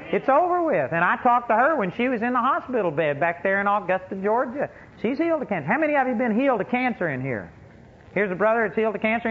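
A man preaching a sermon, telling folksy stories with emphatic punch and frequent laughter. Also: sits high. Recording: tinny phone-like recording with faint hiss.

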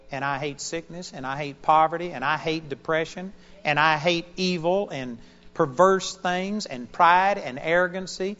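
A man preaching a sermon in an auditorium, swinging between loud declarations and quiet, conversational asides. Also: on the high side, lo-fi sound.

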